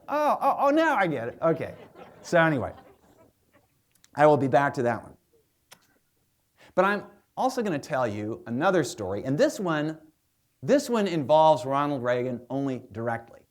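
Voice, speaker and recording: A man who is a historian and biographer, giving a public lecture as a chatty storyteller with plenty of asides. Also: on the high side.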